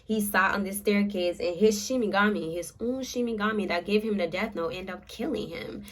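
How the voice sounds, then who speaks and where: A young woman, casually retelling an anime plot in a chatty, animated way with filler words, in a room at home. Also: mid-range voice, moderate pace. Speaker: makeup vlogger. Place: home room with a ring light.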